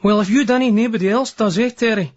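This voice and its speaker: A man reading a loud teasing Scottish lass. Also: sits high, fast talker, no room sound, lo-fi sound, pitched above the performer's own voice, lightly acted.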